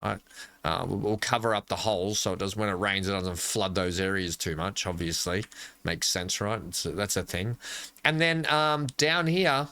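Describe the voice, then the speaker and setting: Chatting and joking to himself while playing, an Australian man hosts casual commentary for his gaming channel. He speaks at normal speed in a low, bright, forceful voice.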